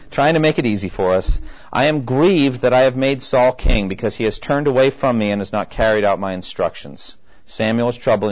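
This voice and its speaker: Man teaching scripture on a dull, lo-fi recording. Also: on the low side. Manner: conversational, acts out quoted voices, asks listeners for agreement. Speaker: Bible teacher. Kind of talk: Bible teaching lecture.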